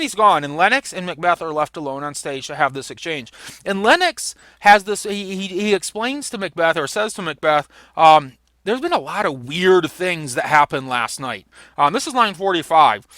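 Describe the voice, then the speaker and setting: Bright-voiced man lecturing on a play. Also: fairly high pitch, no echo. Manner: reads quoted lines with rising emphasis, frequent restarts. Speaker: literature lecturer. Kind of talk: lecture reading and explaining a play.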